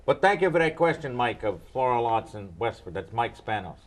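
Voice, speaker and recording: Wisecracking older man, lively. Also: mid-range voice, a little fast. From New York. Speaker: meteorologist. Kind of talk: joking Q&A banter.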